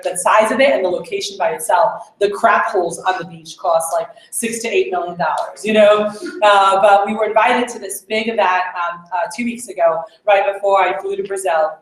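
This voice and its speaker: A woman leading a meeting, telling stories in a casual, chatty way with lots of fillers. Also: medium pitch. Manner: chatty storytelling with many fillers. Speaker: sales team leader addressing a meeting. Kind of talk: casual motivational talk. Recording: echoey room.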